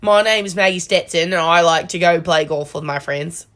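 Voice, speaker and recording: A woman's voice: on the low side, brisk, sharp tone. A woman putting on a mock Australian accent to play a young woman who likes golf. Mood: playful.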